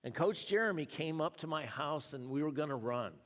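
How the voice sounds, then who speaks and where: Animated preacher man in a reverberant hall. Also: a little high, brisk. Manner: storytelling preacher, animated with chuckles. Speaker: pastor. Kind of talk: sermon.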